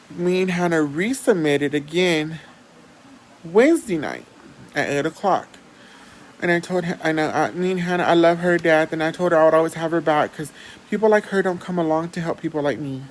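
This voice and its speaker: A woman vlogger, telling a personal story in a chatty, animated way and swearing freely. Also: fairly low pitch, a little hiss or hum, low-quality recording. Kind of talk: casual storytelling.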